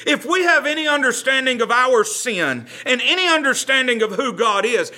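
A man's voice: extremely high pitch, expressive, normal speed, few pauses, sharp tone. A man, a pastor leading a Bible study, speaking earnestly and conversationally, often repeating words as he gathers his thoughts.

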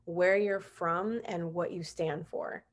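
Speaking at a slow pace in a lowish, steady voice, this podcast host chats over a video call, laughing often and leaning on "like" as a filler. The setting is a casual interview.

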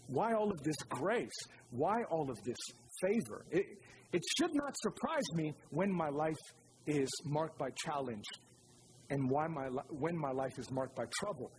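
A pastor preaching a sermon with animated delivery, asking the congregation rhetorical questions. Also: male voice, a little high. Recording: noisy recording.

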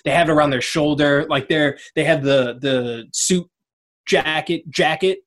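A man's voice: on the high side, a little slow, fairly bright tone. A young man chatting casually, rambling and searching for the right words. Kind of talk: casual chat.

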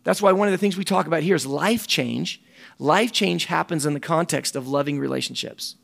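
A man's voice: a little high, fairly quick, creaky, fairly bright tone. A middle-aged man, a camp ministry director giving a folksy conference talk with quoted voices.

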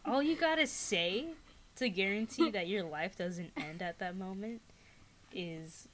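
A young woman co-hosting a podcast, reading a scary story aloud in a laid-back, unhurried way, and chatting casually. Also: medium pitch, a little hiss or hum, low-quality recording. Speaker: podcast co-host.

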